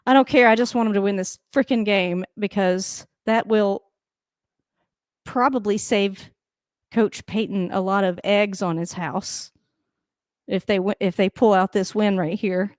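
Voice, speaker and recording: Excitable swearing woman reacting to football. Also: mid-range voice, unhurried, no echo, clean studio sound. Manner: excitable, swearing, laughing, talks to the coach. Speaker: sports reaction host. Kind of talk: casual live game commentary.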